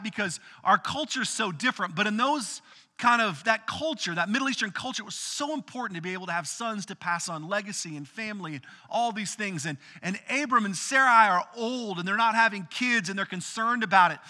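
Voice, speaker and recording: A man preaching a casual, animated sermon, retelling a Bible story in everyday words. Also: sits high, fairly quick, long reverb tail. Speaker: pastor.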